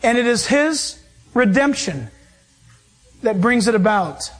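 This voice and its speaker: A man preaching a sermon as pastor, emphatic and animated with quick bursts. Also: extremely high pitch.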